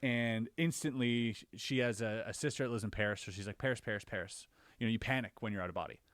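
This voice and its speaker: A man on a podcast, casually recounting his own experiences as an animated storyteller whose voice jumps higher when he relives the scary parts. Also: quick pace, no room sound. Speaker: podcast co-host.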